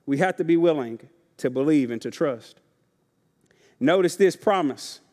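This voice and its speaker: Male pastor, high-pitched voice, folksy call-and-response preaching, long church-hall reverb. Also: animated, measured pace, a little mellow. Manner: call-and-response preaching, often asks the congregation if they are ready; casual, folksy delivery with repeated phrases. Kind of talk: sermon. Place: church sanctuary.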